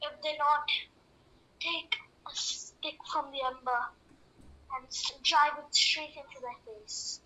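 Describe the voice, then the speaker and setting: A young woman playing a boy chef who hosts a mock cooking show, giving cheerful step-by-step instructions with deadpan dark jokes. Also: high-pitched, slow pace, heavily acted, low-quality recording. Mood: darkly gleeful. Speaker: chef in a comic cooking tutorial.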